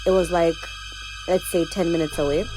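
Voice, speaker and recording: A woman's voice: lowish voice, steady tone, normal speed, warm tone, low-quality recording. A young woman from Uganda, chatting animatedly to viewers as a travel vlogger over background music. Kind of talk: casual travel vlog narration.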